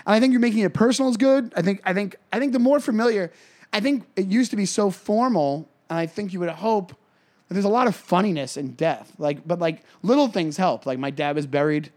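Male podcast co-host, high-pitched, casual and rambling, trips over his own sentences. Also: a little fast, a little mellow. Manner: rambling, self-interrupting storytelling. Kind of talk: casual comedy podcast chat.

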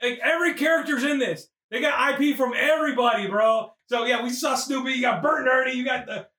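A man hosting a podcast who recaps a movie for comic effect, profane and animated, often shouting. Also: very high-pitched, a little fast. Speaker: podcast host. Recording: roomy, distant mic.

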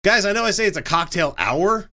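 A man's voice: sits high, expressive, a little fast, bright, forceful tone. Sarcastic, joking man host. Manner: sarcastic, joking, swears freely. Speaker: podcast host. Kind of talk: casual livestream chat.

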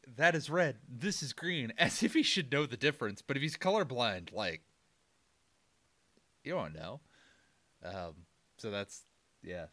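A man's voice: mid-range voice, fairly bright tone. A man casually recapping a movie with a friend, meandering with fillers and mock-quoting characters. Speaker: podcast co-host.

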